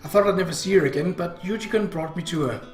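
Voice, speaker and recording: A man reading a visual novel aloud, narrating in a measured, earnest way. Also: sits high. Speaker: reader. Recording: roomy echo, faint guitar music.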